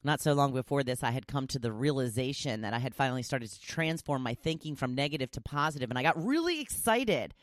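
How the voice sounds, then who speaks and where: A woman's voice: rumbling low, lively intonation, fast, hardly any pauses, dry recording. A middle-aged woman hosting her own podcast, talking in a chatty, goofy way and laughing between thoughts. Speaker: podcast host. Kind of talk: casual solo podcast monologue.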